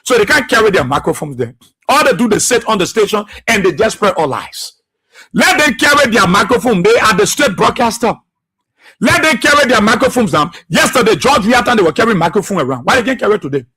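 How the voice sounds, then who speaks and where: Man, radio talk host, bright and husky, impassioned, repetitive. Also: high-pitched, very animated, a little fast. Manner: impassioned, repetitive, rhetorical questions, laughs often.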